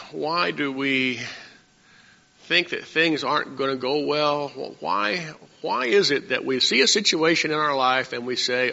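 A man's voice: mid-range voice, gravelly, bright, forceful tone. A man preaching a Bible-study sermon in a conversational way, asking the congregation questions as he goes. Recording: muffled sound with long hall reverb.

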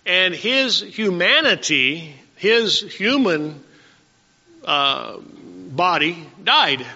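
A male pastor preaching a sermon, reading scripture slowly and then telling homespun stories to his congregation. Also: sits high, very animated, gravelly, sharp tone, breathy edge. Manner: reads verses slowly, then tells folksy stories. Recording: dull lo-fi church recording with long reverb.

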